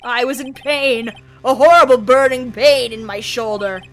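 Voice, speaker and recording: A woman's voice: on the high side, animated, moderate pace, pushed and bright. A woman voicing an arrogant older male prosecutor who bellows with theatrical rage. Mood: cold confessing.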